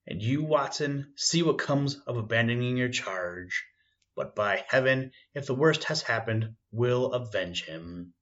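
A man's voice: mid-range voice, close to an everyday voice. A man voicing an urgent, commanding male detective, grave and intense, on a dull lo-fi recording.

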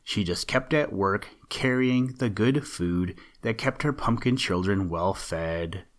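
Man, low voice, children's story reading, gentle, measured. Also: expressive.

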